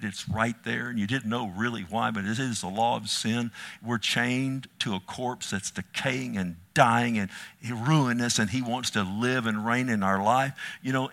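An impassioned male preacher with a bright, forceful tone. He surges into loud, pleading climaxes, then falls back to soft, intimate asides. He speaks to his hearers tenderly as "loved one.". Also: mid-range voice, vocal fry. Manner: impassioned, rising to near shouts then dropping to hushed asides; addresses listeners as "loved one". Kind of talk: sermon.

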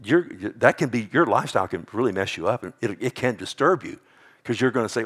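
A man preaching a sermon, swinging between hushed, drawn-out lines and loud ones, often calling out "amen" and "loved one" to his listeners. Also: mid-range voice, animated, husky. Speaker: pastor.

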